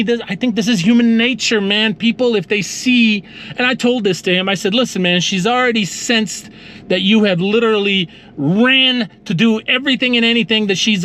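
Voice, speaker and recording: Animated high-voiced man telling a story. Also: slight background noise. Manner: animated, acts out both sides of a phone call. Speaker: lawn care business owner and channel host. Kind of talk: casual storytelling vlog.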